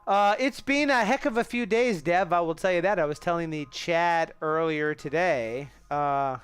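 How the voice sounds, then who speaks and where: Smooth-voiced man thinking aloud on stream. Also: fairly high pitch, normal speed, a bit bright, soft background music. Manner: thinks aloud, rambling with restarts and asides to chat. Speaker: live-stream host. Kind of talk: casual live coding stream chat.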